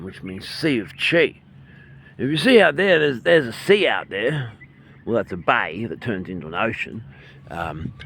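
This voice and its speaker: An Australian qigong and meditation instructor leads a guided breathing lesson outdoors by a bay, filming himself on a handheld phone. His mid-range voice is calm, soft-spoken, and creaky, sometimes trailing off quietly, with a little hiss or hum in the recording.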